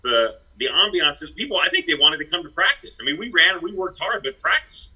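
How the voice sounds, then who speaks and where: A man's voice: a little high, animated, fairly quick, pushed and bright, breathy edge, rough recording. A middle-aged man, a former basketball head coach, telling stories in a blunt, self-deprecating way. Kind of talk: casual chat.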